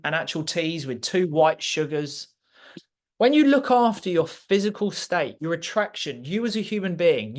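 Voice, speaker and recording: A man gives a motivational masterclass, pressing each point hard and repeating lines for effect. His voice sits a little high for a man. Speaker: speaker.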